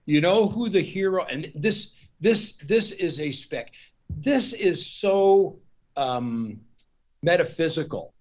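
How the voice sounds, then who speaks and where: A man's voice: on the high side, animated, slow, a little mellow. Rambling man on a dull lo-fi line. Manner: rambling, with frequent restarts and repeated words. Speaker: guest author. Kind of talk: discursive interview talk.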